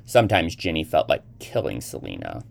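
A man reading a short story aloud as narrator, with lively, expressive delivery. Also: extremely low pitch, brisk, creaky.

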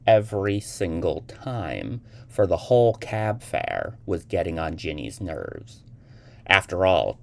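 A man reading a short story aloud as narrator, with lively, expressive delivery. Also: low-pitched, creaky.

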